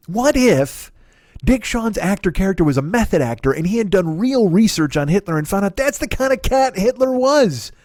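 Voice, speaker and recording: A man holds forth alone at the microphone, riffing from one absurd idea to the next with a steady stream of swearing and self-corrections. His voice sits fairly high for a man. The recording is close and dry, with no room sound. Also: no echo. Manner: profane, digressive, self-correcting. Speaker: comedy podcast host. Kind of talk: rambling comic monologue.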